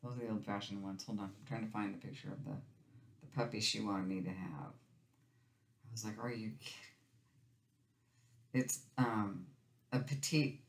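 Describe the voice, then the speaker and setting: A woman's voice: a bass voice, reverberant. A woman vlogging about her crafting, chatty and storytelling, talking to her viewers as "you guys".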